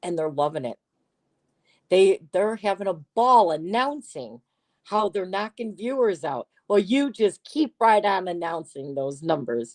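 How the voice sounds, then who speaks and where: A woman's voice: medium pitch, animated, a little slow, darkish tone, no echo. A woman hosting a casual livestream, chatting in a teasing way and reading her viewers' comments aloud. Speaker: livestream host.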